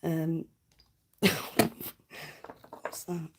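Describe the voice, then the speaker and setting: Giggly woman, gravelly. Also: low voice, completely flat delivery, very slow, heavy background noise. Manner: giggly, rambling, swears a lot. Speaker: livestreamer. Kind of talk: casual live stream chat.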